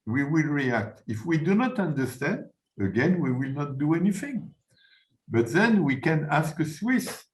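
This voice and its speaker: Male panelist, lively pitch swings, emphatic and arguing. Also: low-quality recording. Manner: emphatic, with argumentative rhetorical questions. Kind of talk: round-table discussion.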